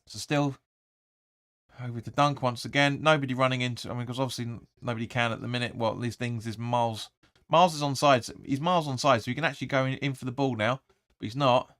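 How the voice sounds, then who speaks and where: A man hosting a live football watch-along, rambling through the play and sometimes shouting at the players. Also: medium pitch, steady tone, fast, no echo, studio quality. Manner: rambling, restarts often, erupts when urging players. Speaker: fan channel host.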